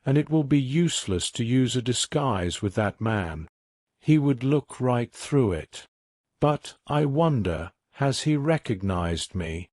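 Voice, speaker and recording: A man voicing a cunning, suave gentleman-burglar who speaks politely and in a measured way, in a storybook reading. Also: mid-range voice, expressive, no room sound, clean studio sound. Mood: musing.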